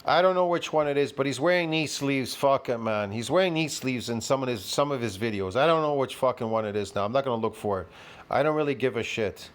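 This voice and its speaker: Man in his fifties, reaction commentary, profane, rambling, argumentative, lecturing, keeps asking if you understand, middle-pitched voice. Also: quick pace. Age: 50s. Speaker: fitness commentator reacting to a video.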